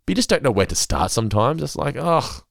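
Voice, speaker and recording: A man's voice: medium pitch, very animated, fast, creaky, fairly bright tone, no room sound, studio quality. A man, co-hosting a podcast in laid-back, sweary chat with frequent laughs. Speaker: podcast co-host.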